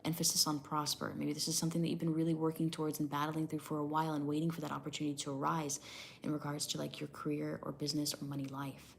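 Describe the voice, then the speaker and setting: A woman with a low, gravelly voice gives a casual tarot reading, often hedging with "I don't know" as she shares what she is sensing. She reads number meanings aloud from a tablet, over a faint ambient hum. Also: completely flat delivery, fast talker. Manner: hedging, repeats "I don't know" and "I'm getting that vibe". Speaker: tarot reader.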